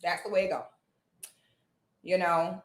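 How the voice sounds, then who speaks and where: A woman's voice: fairly low pitch, flat delivery, a little slow. A woman from Florida, talking bluntly and emphatically to her viewers in a casual vlog, often checking in with "okay?". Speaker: commentary vlogger. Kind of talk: casual direct-to-camera talk.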